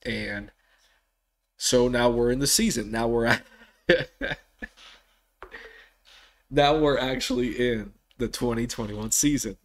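A man hosts a solo sports podcast in an unhurried, drawn-out way. He rambles, restarts his sentences and breaks into animated bursts of excitement. His voice sits at an ordinary mid pitch. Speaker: podcast host.

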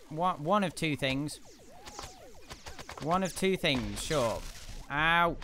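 A young man commentates his gameplay in an excitable rush, laughing and shouting at his teammates. His voice is bright and fairly high, and it swings widely in pitch. He talks at an unhurried pace over a faint hum of room noise. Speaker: gaming video host. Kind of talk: excitable let's-play commentary.

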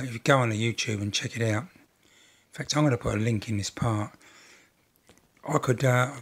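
Husky older man rambling at his workbench. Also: medium pitch. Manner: rambling, chatty, self-deprecating. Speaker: model railway builder. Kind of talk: casual build vlog narration.

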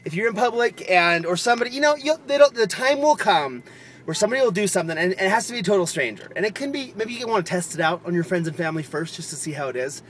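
A man talks loosely to his camera, circling back and laughing as he goes. His voice sits a little high for a man. A faint hum of noise runs under the recording. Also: expressive, fast talker, a bit bright. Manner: chatty, rambling, laughs often. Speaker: vlogger. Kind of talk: casual vlog chat.

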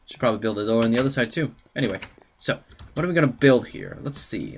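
Young male let's-play host, lively pitch, playful self-talk, soft keyboard clicks behind. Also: fairly quick, creaky, long pauses, slight background noise. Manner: chatty and playful, talks to himself, hums. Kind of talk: casual gameplay commentary.

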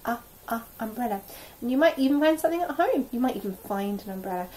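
A woman teaching a phonics lesson to nursery children, sounding out letters slowly in an exaggerated, encouraging way. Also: on the high side, expressive, darkish tone, slight background noise, rough recording. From England. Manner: drops to a whisper now and then.

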